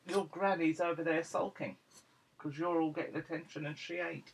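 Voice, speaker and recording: A man at home showing off his dogs, switching into high cooing baby talk whenever he speaks to them. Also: steady tone, moderate pace, vocal fry, slight background noise, low-quality recording. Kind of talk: casual home video chat.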